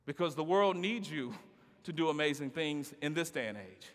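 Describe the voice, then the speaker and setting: In a large conference hall with long reverb, a middle-aged man gives a motivational keynote at normal speed. His fairly high voice has lively intonation, and his delivery is rhythmic and playful, with call-and-response moments and playful asides.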